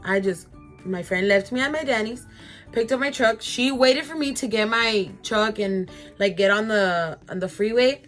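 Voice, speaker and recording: A young woman with a slightly high voice tells a story in a chatty, casual way. She talks straight to her viewers and peppers her sentences with fillers. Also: moderate pace, faint music behind. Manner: chatty, lots of "like" fillers, addresses viewers directly. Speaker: vlogger.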